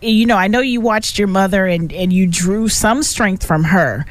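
A woman's voice: medium pitch, normal speed, dry recording. A woman hosting an interview, affirming her guest and asking him searching questions. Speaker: host.

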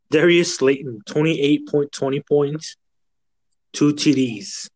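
A man's voice: on the high side, takes it slowly, a little mellow. A young man co-hosting a casual fantasy football podcast, laid-back and reflective. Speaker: podcast co-host.

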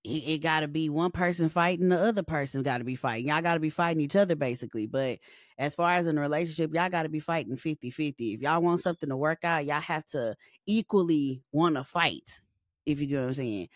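A young adult woman co-hosting a podcast in a blunt, animated, profane casual chat. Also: low voice, fast, no room sound, clean studio sound. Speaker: podcast co-host.

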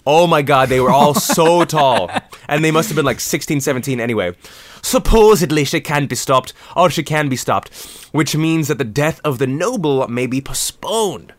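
A man's voice: fairly high pitch, expressive, normal speed, no echo. A man co-hosting a podcast in casual chat, laughing often and swearing freely as he jokes through his asides. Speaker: podcast co-host.

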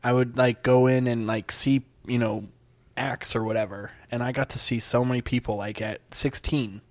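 A man's voice: medium pitch, steady tone, normal speed, no room sound. A man, a stand-up comedian, chatting casually and rambling with lots of fillers and restarts. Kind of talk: casual podcast chat.

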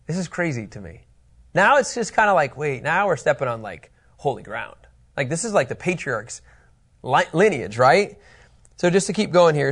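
A middle-aged man teaching a Bible study lesson in a conversational, joking way. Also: medium pitch. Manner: conversational, animated, jokey.

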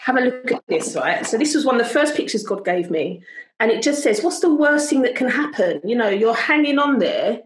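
A middle-aged woman, a worship leader, telling a story at home over a video call in a chatty, animated way, often breaking off mid-sentence. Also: fairly high pitch, fairly quick, echoey room, rough recording. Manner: chatty, animated, self-interrupting.

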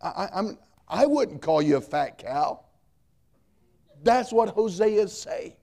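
A middle-aged pastor delivers a sermon full of emphatic repetition and homespun humor, leaning hard on his key points. His voice is a touch high for a man but mellow and warm, expressive and slow-paced, with some vocal fry.

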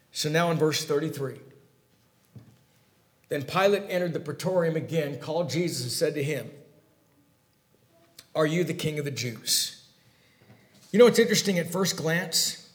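High-voiced man preaching with swings. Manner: dynamic preaching with sharp swings in loudness and pitch; expository, reading and unpacking scripture. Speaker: pastor. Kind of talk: sermon.

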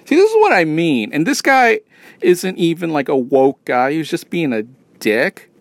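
A man's voice: fairly high pitch, very animated, normal speed, no echo. A man ranting casually in a rambling, profane and sarcastic way. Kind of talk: casual rant.

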